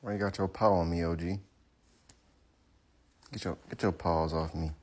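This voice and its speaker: A person voicing a streetwise pet in a comic dub, talking in slang and quickly backing down into pleading. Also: deep voice, fairly even intonation, a little mellow. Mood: confrontational. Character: streetwise pet annoyed by a paw.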